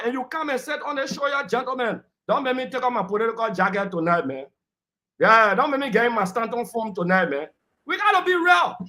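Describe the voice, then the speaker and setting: Brief: man, high-pitched panelist, combative and lecturing, heated political debate. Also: pushed and bright. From Liberia. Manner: combative, lecturing, talks over interruptions.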